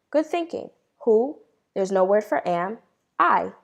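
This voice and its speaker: A woman teaching a beginner Hebrew lesson, asking questions, pausing, then answering them herself with praise and slowing down to model each word. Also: medium pitch, expressive, creaky. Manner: slows down to model words.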